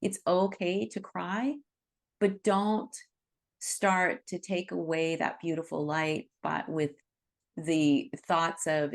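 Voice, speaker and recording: A woman's voice: low-pitched, fairly even intonation, slow pace, creaky. A woman leading an online Reiki group by video call, talking in an earnest, reassuring way with many "you know"s. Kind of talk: teaching talk to an online group.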